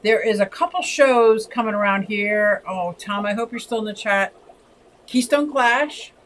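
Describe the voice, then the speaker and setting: A woman's voice: mid-range voice, measured pace, a little hiss or hum, poor audio. A woman over sixty from Pennsylvania, hosting a casual livestream and chatting expressively as she reads viewer comments. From Pennsylvania, USA. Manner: chatty and expressive, often sways between lively and soft. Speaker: livestream host.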